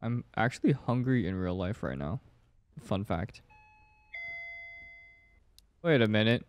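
A man's voice: lowish voice, expressive, unhurried. A young man gives jumpy commentary while playing a horror game, talking to himself and swearing now and then. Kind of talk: gameplay commentary.

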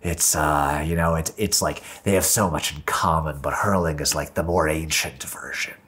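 Man doing a middle-aged dad voice, very low, mumbling, hesitant, mild. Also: fairly even intonation, normal speed, a bit bright, husky, full character voice. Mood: musing.

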